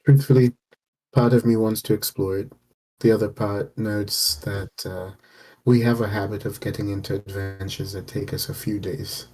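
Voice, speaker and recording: Man, player, low voice, mellow tone, measured, thoughtful. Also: fairly even intonation. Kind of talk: tabletop game play.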